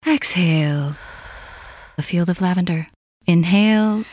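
Breathy woman leading a playful ad. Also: fairly low pitch, normal speed, no echo. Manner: calm, instructor-like cueing. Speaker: commercial announcer.

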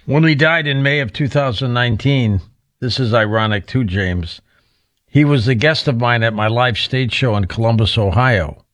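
A man's voice: medium pitch, moderate pace, fairly bright tone, no room sound. A man hosting an interview, speaking reflectively in a conversational way. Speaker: interviewer, host.

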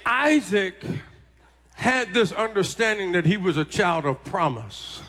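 Man, preacher, sermon, very high voice, lively swooping pitch, impassioned shouting. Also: unhurried. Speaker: pastor.

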